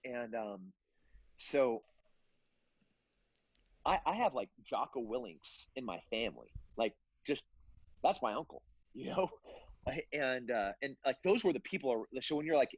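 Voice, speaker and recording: A man's voice: medium pitch, expressive, normal speed, husky, dry recording, highs cut off. A middle-aged man from California telling long family stories in a casual interview, rambling with many fillers and restarts. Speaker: guest.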